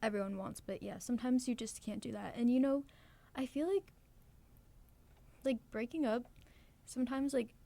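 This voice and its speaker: Giggly teen girl with vocal fry. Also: on the high side, mellow. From New Jersey, US. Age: teens. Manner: laid-back, giggly, halting with fillers. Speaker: podcast co-host. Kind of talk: casual chat.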